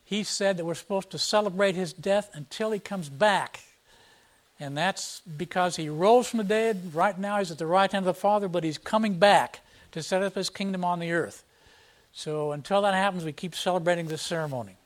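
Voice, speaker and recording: A man's voice: sits high, normal speed. A man preaching a verse-by-verse sermon, explaining scripture in a plain teaching tone and reading passages aloud with emphasis. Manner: emphatic, reads scripture aloud with rising force. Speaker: pastor. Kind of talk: expository sermon.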